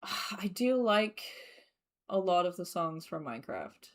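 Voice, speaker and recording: A young woman with an Australian accent chatting casually while streaming a game, laughing often and filling pauses with ums and likes. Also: lowish voice, sing-song. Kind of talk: casual gameplay commentary.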